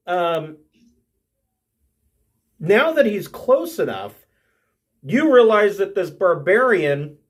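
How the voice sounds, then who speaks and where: A man narrating as game master of a tabletop game, restarting often and laughing along. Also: a little high.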